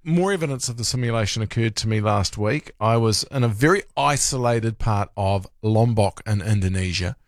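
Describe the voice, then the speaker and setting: A man's voice: on the low side, moderate pace, hardly any pauses, dry recording, studio quality. A middle-aged man, hosting a breakfast radio show and telling a story in casual chat. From New Zealand. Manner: storytelling, acts out quoted voices.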